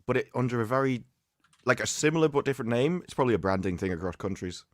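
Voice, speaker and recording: Joking man with a lively voice. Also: medium pitch, quick pace, no room sound, clean studio sound. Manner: joking, with lively acted-out quotes. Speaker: guest on a live stream. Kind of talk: casual party chat on a live stream.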